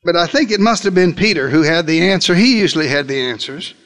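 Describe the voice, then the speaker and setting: A man's voice: expressive, fast, a bit bright. A man preaching a sermon as a dramatic first-person retelling, theatrical, with dry humorous asides. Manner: theatrical, with wide swings in pitch and pace.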